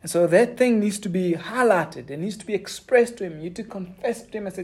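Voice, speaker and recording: Male pastor, earnest, halting sermon delivery, warm mellow voice. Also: sits high. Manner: earnest, halting, with many fillers and restarts. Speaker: preacher.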